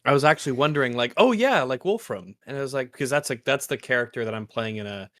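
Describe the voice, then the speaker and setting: A man talks casually on a livestream at an ordinary pitch. He rambles in long, loose sentences full of fillers and restarts. His voice is dry and close to the mic. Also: rapid-fire, fairly bright tone, no room sound. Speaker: co-host, tabletop player.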